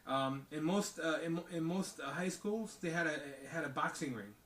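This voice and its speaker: A man with a higher, bright voice talks emphatically in a casual panel discussion, punctuating his points with rhetorical check-ins. He sits a little away from the mic, and the room around him is echoey. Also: lively intonation, moderate pace, recorded from a distance. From outside the United States. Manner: emphatic, rhetorical "okay?" and "you know?" asides. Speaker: podcast co-host.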